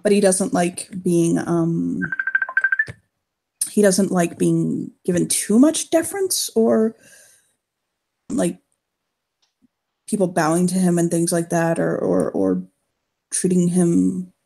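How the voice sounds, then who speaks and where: A husky woman with a gravelly edge narrates a tabletop role-playing game as its game master. She talks haltingly, restarting sentences, sighing and feeling her way toward the right words. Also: fairly low pitch, warm tone.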